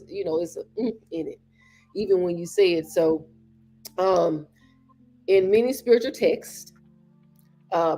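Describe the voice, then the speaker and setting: A woman's voice: lowish voice, a little mellow. A woman hosting a podcast, giving an earnest motivational talk and repeating phrases for emphasis. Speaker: podcast host.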